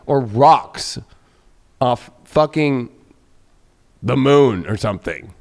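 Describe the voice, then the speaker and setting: A man's voice: mid-range voice, takes it slowly. A man hosting an astrology talk, brash and profane, smoking a cigarette as he talks. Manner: brash, swears freely, animated. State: smoking a cigarette while talking. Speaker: astrology show host. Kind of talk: casual profane astrology chat.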